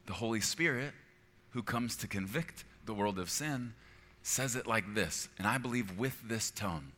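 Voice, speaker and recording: A man's voice: lowish voice, lively intonation, measured pace, bright, forceful tone, long reverb tail. A middle-aged man preaching a sermon as a pastor, earnest and conversational, often checking in with his listeners. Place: church auditorium.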